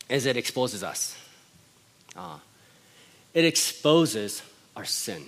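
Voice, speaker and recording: A man's voice: medium pitch, fairly bright tone. A middle-aged man, a pastor, preaching a sermon in a conversational style, telling family stories with frequent laughs.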